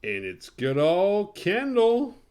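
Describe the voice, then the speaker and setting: A man's voice: high-pitched, huge pitch swings, takes it slowly, a little mellow, smooth. A man hosting a horror movie podcast, giving a casual, rambling, profane recap full of sarcastic asides.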